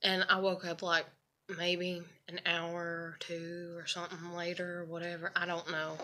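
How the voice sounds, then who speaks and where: A woman's voice: lowish voice, monotone, moderate pace, bright, forceful tone, a little hiss or hum. A woman telling a personal story in a casual, rambling, candid way, swearing and filling with "you know" and "like".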